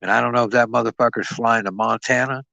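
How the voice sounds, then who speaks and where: A man's voice: medium pitch, fairly even intonation, fast, vocal fry, sharp tone, no room sound, rough recording. A man rambling and boasting as he stands in as host of a boxing live stream, swearing freely and talking to his chat.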